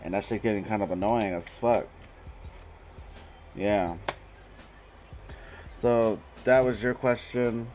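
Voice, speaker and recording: A man with a fairly low voice hosts a laid-back tarot live stream. He talks bluntly and swears freely, getting animated and laughing as he goes. A faint hiss of noise sits behind him. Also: slow pace, long pauses.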